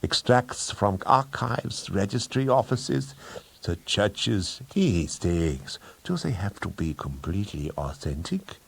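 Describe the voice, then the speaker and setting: A man reading an audiobook, voicing a smooth, scheming middle-aged count who tempts with bribes. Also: fairly low pitch, big pitch swings, takes it slowly, full character voice. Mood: silky bribing. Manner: smooth, persuasive, wheedling. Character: silky sinister middle-aged male count.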